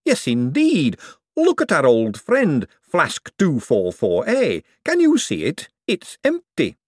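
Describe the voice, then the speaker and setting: A man voicing an excitable young male inventor who speaks eagerly and breathlessly. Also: medium pitch, unhurried, no echo, clean studio sound. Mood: giddy.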